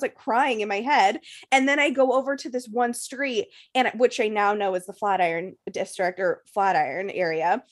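A woman's voice: a little high, fairly even intonation, moderate pace. Profane young woman telling a story. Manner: profane, breathless storytelling full of "like" fillers. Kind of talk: casual storytelling chat.

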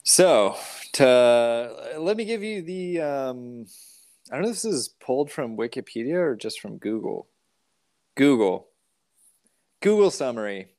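A man hosting a podcast in casual chat, rambling and animated with restarts. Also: medium pitch, moderate pace, gravelly, no echo. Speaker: podcast host.

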